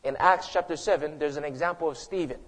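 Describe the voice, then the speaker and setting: A man preaching a sermon with dramatic swings from loud emphasis to hushed tones. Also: fairly high pitch, fast, big-room sound, low-quality recording.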